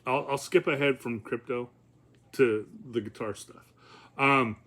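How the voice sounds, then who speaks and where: A man's voice: mid-range voice, fairly even intonation, unhurried, fairly bright tone. A man talking casually in a rambling, profane vlog, with many fillers and chuckles. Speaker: vlogger.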